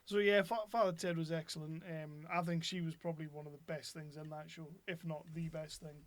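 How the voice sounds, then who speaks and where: A man's voice: a little high, flat delivery, a little fast, very noisy. A man hosting a podcast, a blunt, sweary talker with strong opinions. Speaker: podcast host. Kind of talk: casual chat.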